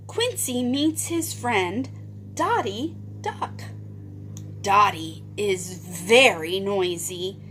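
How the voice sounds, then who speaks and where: Slow sing-song woman teacher. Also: a little high, pushed and bright, slight background noise. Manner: sing-song, drawn-out, switching to whispers. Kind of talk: phonics lesson for young children.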